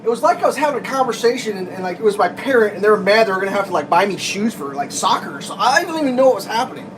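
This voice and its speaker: High-voiced man ranting about a store clerk. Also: expressive, very fast, noisy background. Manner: exasperated, restarts often, laughs at own story. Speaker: vlogger. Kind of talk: casual storytelling rant. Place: home kitchen, making breakfast.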